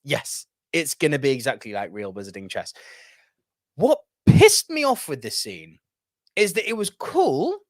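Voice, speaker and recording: A man's voice: fairly high pitch, wildly swooping pitch, a little slow, dry recording, studio quality. A man hosting a casual movie review video, chatty and reading out viewer comments.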